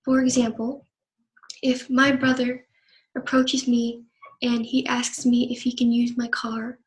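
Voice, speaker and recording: Young woman, student presenter; reads her class talk evenly, slightly high voice, little melody. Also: completely flat delivery, measured pace, low-quality recording.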